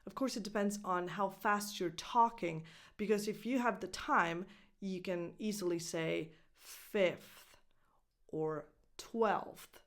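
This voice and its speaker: A woman whose first language is Italian teaches English pronunciation at an unhurried pace. She says each word slowly and clearly, modeling it for learners, with a pitch in the middle of the usual range. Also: fairly bright tone. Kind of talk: pronunciation lesson.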